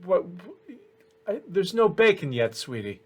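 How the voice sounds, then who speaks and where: A man's voice: sits high, very animated, a little slow, voice pushed up, exaggerated voice. A man playing a fussy old innkeeper woman. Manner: calls people love, practical and bossy.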